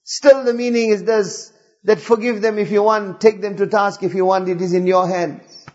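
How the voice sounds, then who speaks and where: A man's voice: high voice, fairly even intonation, moderate pace, a little mellow, dull audio. A male preacher giving an impassioned sermon, piling up repeated rhetorical questions.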